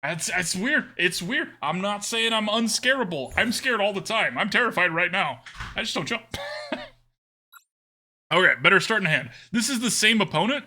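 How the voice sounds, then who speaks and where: Bright, lively-voiced man streaming a game. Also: sits high, a little fast. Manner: chatty, answers chat, laughs often. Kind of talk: live gameplay commentary.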